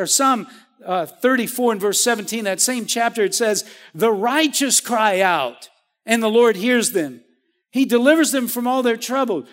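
A man preaches in a very high voice, pressing his congregation with repeated calls of "come on" and "amen." His delivery builds from steady teaching to fervent appeals. The sound carries the long reverb of a church sanctuary. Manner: emphatic, rising to fervent calls. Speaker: pastor. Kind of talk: sermon.

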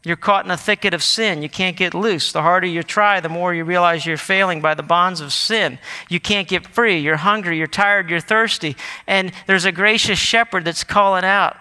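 A man's voice: high-pitched, normal speed, hardly any pauses, bright, forceful tone, clean tone. A man preaching a sermon as pastor, earnest and given to self-corrections and restarts, then leading a prayer. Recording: long hall reverb.

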